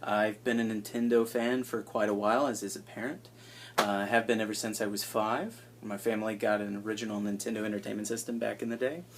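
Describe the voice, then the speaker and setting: A man in his twenties chatting casually and self-deprecatingly, with hushed asides, into an iPad held at arm's length. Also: on the low side, fairly even intonation, a little fast, background noise. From United States. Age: 20s. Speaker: vlogger introducing himself. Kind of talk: casual rambling chat.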